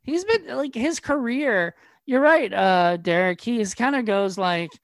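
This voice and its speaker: A man's voice: high-pitched, expressive, dry recording. A man co-hosting a podcast, talking about movies with frequent laughs, fillers and restarts. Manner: laughing often, halting, filler-heavy. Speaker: podcast co-host. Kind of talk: casual movie chat.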